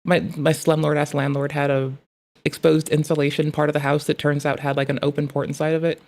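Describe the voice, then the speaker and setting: Give me a young, profane streamer rambling in casual chat, with a gravelly edge. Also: mid-range voice, little pitch movement, fairly quick, a little mellow.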